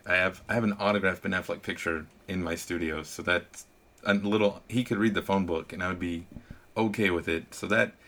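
A man with a somewhat low, gravelly voice talks through a film review in a loose, conversational way. He speaks candidly and earnestly, pausing and restarting in short bursts. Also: steady tone, a bit bright, a little hiss or hum. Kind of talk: casual movie review chat.

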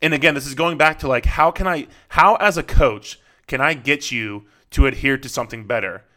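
A man's voice: medium pitch, a little fast, pushed and bright. Male podcast host and coach, casual and profane, repeats points, mid-range voice. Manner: blunt, profane, repetitive coaching talk.

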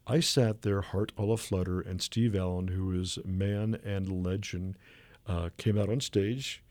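A man telling a lively anecdote as a radio guest, acting out the people he quotes. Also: deep voice, a little slow, no echo. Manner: animated anecdote teller who acts out the people he quotes. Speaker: guest artist and illustrator. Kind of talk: radio interview storytelling. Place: radio studio.

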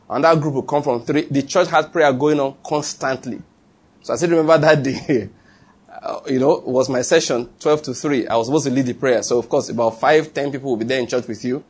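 A man with a Nigerian accent, preaching a sermon and telling stories, animated and laughing, with call-and-response. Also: on the high side, breathy edge. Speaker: pastor. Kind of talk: sermon with storytelling.

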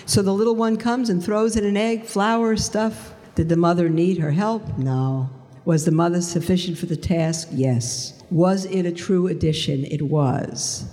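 A woman's voice: lowish voice, unhurried, mellow. Earnest woman telling her faith testimony in a reverberant hall. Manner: earnest and reflective, answers her own rhetorical questions. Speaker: speaker sharing her conversion story.

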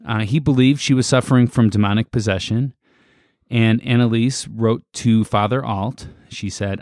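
A man co-hosting a casual podcast chat, relaxed and halting as he reads from his notes. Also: mid-range voice, dry recording, studio quality. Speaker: podcast co-host.

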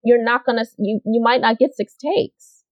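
A woman's voice: on the high side, moderate pace, no echo, dull audio. A woman working as a casting director, giving advice in a casual, chatty interview, with lots of "you know" and repeated words for emphasis.

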